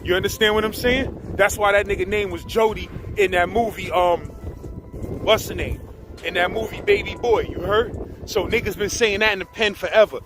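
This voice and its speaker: A man with a New York accent tells a prison story in a casual, animated way, profane and heavy on slang, mimicking others as he goes. His voice sits high at a moderate pace, with music in the background.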